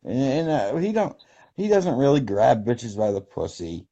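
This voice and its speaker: A man's voice: mid-range voice, very animated, normal speed, mellow, muffled recording. A man co-hosting a casual podcast, giving blunt, short replies and swearing casually. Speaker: podcast co-host. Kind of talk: casual chat.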